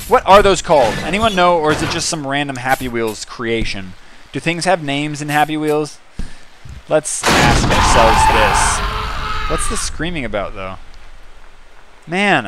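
A man hosting a let's-play, mumbling through menus and bursting into excited yells at the game. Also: fairly high pitch, moderate pace, a little hiss or hum. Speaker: gaming channel host.

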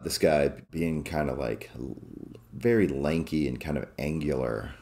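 A man with an extremely low, deep voice, co-hosting a podcast. He is from the American Midwest and talks in a measured, thoughtful way, with plenty of fillers and hedges. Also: darkish tone, slight background noise. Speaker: podcast co-host. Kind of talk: casual podcast chat.

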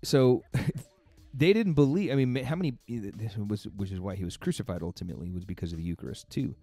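A man with a low voice gives an earnest, casual devotional talk and chats his way through each point. The sound is dry and close, with faint music behind him. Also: a little fast, warm tone, no room sound. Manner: earnest, conversational, laughs between points. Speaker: fitness coach giving a daily faith talk.

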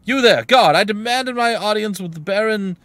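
A man's voice: medium pitch, lively intonation, brisk, bright, forceful tone, no echo. A man voicing a proud, indignant male cleric in a game who keeps demanding answers. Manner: demanding, self-righteous.

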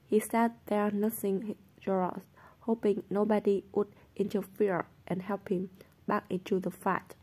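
A woman reading a novel aloud in a steady, unhurried way. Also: medium pitch, breathy edge. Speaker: audiobook reader.

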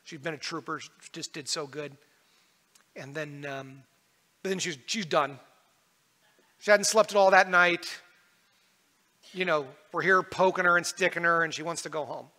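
A pastor preaching in a high, bright voice, earnest and personal as he tells a story. The sound carries a long reverb, like an echoey church hall. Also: moderate pace, pauses often. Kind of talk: sermon.

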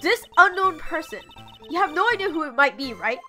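Young woman, let's play commentary, rambling, high bright voice. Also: big pitch swings, a little fast, faint music behind. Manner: swearing, rambling. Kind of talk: casual gaming commentary.

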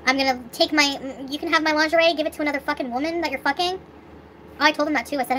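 A woman's voice: sits high, fairly even intonation, very fast, bright, forceful tone, slight background noise. A young woman vlogging, venting in an upset, swearing rant with sighs. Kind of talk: angry venting vlog.

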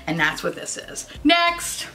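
A woman's voice: medium pitch, expressive, fairly quick, bright, forceful tone, soft background music. A woman in her thirties from the United States, ranting sarcastically about makeup and swearing constantly. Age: 30s. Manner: sarcastic, swears constantly, jumps into silly voices. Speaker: beauty YouTuber. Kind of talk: casual profane rant.

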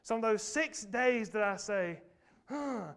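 High-voiced preacher, animated. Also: male voice, slow pace. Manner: animated preaching, calls out to the congregation. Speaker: pastor. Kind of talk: sermon. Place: church sanctuary.

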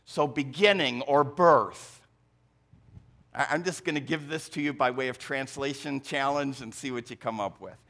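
A man with a Michigan accent preaching a deliberate, emphatic sermon as pastor in a church. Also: mid-range voice, fairly bright tone. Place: church sanctuary.

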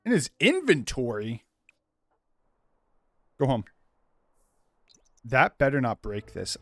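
A man's voice: a little high, vocal fry. A young man casually commentating a life-sim game for his channel, joking around and calling himself a little loopy. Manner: goofy, self-described loopy, jokey asides to the viewers. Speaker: gaming YouTuber. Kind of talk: let's play commentary.

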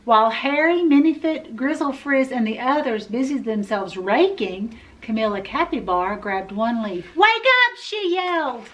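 A woman children's librarian reading a picture book aloud at storytime, expressive and playful, asking her young listeners questions. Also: fairly high pitch, normal speed, hardly any pauses, lo-fi sound.

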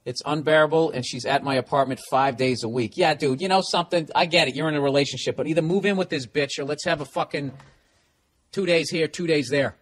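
Comedy podcast host, male, highish voice, profane and animated, reads letters then riffs. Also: fairly quick. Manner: profane, animated, reading listener letters aloud. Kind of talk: casual comedy podcast rant.

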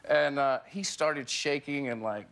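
A man in his forties, guesting on a talk show in a TV studio with a live audience, tells a comic story and laughs through his punchlines. His medium-pitched voice is gravelly and a bit bright, and he speaks a little slowly.

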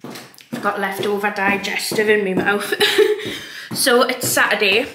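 A woman's voice: mid-range voice, fairly even intonation, measured pace, noisy background. A young woman with a Geordie accent, chatting casually to camera in a rambling vlog, with a slight lisp from dental aligners. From North East England. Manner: chatty and rambling, with frequent fillers. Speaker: vlogger.

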